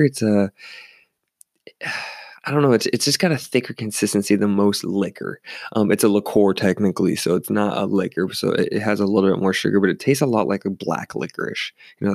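Man, ex-bartender storyteller, low voice with fry, dry studio sound, animated. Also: no echo. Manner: rambling and animated, with many restarts. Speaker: former bartender telling stories. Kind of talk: casual storytelling. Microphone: studio microphone.

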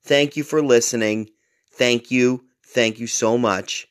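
A man's voice: medium pitch, level tone, slow pace, clean tone, no room sound. A man hosting a podcast, telling rambling, profane, jokey stories in a casual monologue. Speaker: podcast host.

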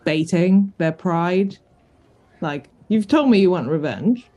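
A woman's voice: fairly low pitch, animated, takes it slowly, dark tone. A woman playing a tabletop game, explaining her character's tactics and reacting to her dice rolls. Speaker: player. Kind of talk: casual tabletop game play.

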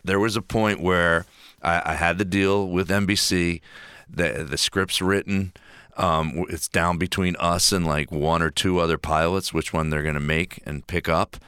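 Deep guy with a crisp, bright voice, comedian swapping stories on a podcast, swears a lot, dry studio sound. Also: steady tone, normal speed, no echo. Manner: storytelling, profane. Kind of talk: casual podcast chat.

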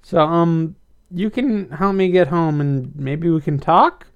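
A man voicing Blythe, an excitable young woman who talks in quick, demanding bursts. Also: a little high, smooth, lo-fi sound, voice pushed up. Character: spirited young woman, jumpy.

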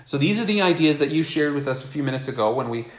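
Conversational preacher in an echoey hall. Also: male voice, a little high, animated, fast talker. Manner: conversational, acts out quoted voices. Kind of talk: sermon.

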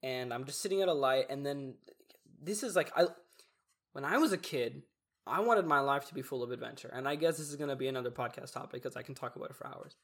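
A young man in casual podcast chat, telling stories in an animated way and acting out what other people said. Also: mid-range voice, fast talker, vocal fry. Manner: animated storytelling, acts out quoted voices. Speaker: podcast co-host.

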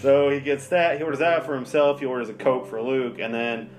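A man's voice: medium pitch, fairly even intonation, brisk, slight background noise. A man chatting casually and profanely on a podcast, recapping a movie and acting out the characters' lines with laughter. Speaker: podcast co-host. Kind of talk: casual movie review chat.

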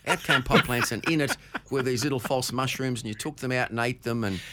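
A man being interviewed on a radio wine show, talking in a relaxed, rambling way with hesitations. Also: medium pitch, a little fast. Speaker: wine guest.

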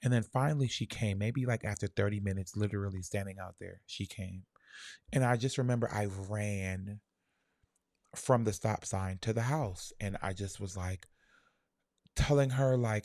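A young man telling a personal childhood story in a soft, halting, reflective way, full of fillers. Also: on the low side, no room sound, clean studio sound.

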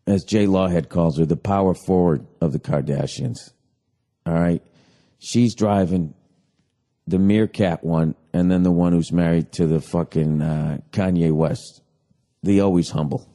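A man's voice: sits low, mellow. A man co-hosting a comedy podcast, telling a crude, rambling story full of profanity. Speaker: podcast co-host.

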